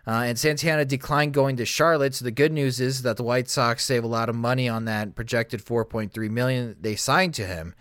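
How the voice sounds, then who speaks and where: A man hosting a casual sports talk show, running through stats briskly and turning questions to his co-host. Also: mid-range voice, steady tone, a bit bright, no room sound, clean studio sound. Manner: brisk, stat-heavy, addresses co-host. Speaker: podcast host.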